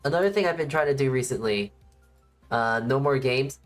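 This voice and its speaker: Low-voiced woman streamer, rambling. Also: normal speed. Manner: rambling, restarts sentences. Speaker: VTuber streamer. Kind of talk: casual stream chat. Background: faint background music.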